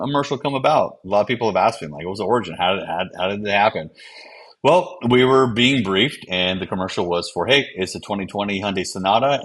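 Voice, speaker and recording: A man's voice: low voice, a bit bright. A man in his forties, an advertising copywriter, talking casually to camera and rambling from one thought to the next. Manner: rambling, jumps between thoughts. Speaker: advertising copywriter and channel host.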